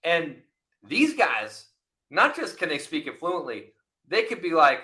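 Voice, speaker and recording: A man in his forties, a former military officer guest on a podcast, chatting casually and telling animated stories. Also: a little high, a little slow. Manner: animated storyteller, acts out voices in anecdotes. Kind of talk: casual interview chat.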